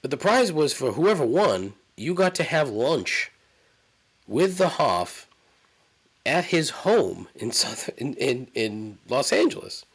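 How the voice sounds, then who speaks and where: Animated, rambling podcast host man. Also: medium pitch, takes it slowly, breathy edge. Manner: rambling, profane, incredulous storytelling. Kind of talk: casual solo monologue.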